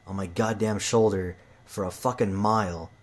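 A man's voice: on the low side, steady tone, normal speed. A tradesman ranting in a heated monologue about his job, swearing often and repeating himself. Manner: profane, heated, repetitive. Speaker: manual tradesman.

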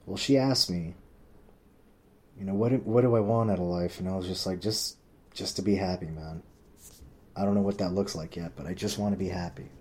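A man's voice: fairly quick, pauses often, a little mellow, slight background noise. A man telling a rambling personal story in casual chat, swearing often and acting out what others said. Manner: rambling, swears a lot, heavy use of "like"; acts out quoted people with pitch jumps.

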